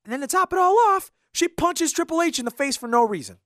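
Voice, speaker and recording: A co-host on a wrestling podcast recaps events with fired-up, animated energy. The voice leaps around in pitch as the story builds, recorded close and dry. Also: fast, dry recording. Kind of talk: casual wrestling podcast chat.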